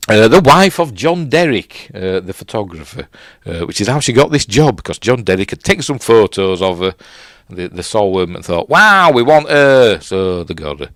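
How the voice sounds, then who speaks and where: A man's voice: deep voice, expressive, moderate pace, hardly any pauses, no echo, studio quality. A middle-aged man with a Yorkshire accent, rambling through a casual film commentary, correcting himself and chuckling between fillers. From Yorkshire, England. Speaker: film reviewer, host.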